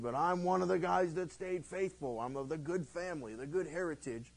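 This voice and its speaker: A male pastor teaching verse by verse through a Bible book in a conversational, animated way, acting out the quotes he tells. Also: fairly high pitch, a little fast, hardly any pauses, poor audio.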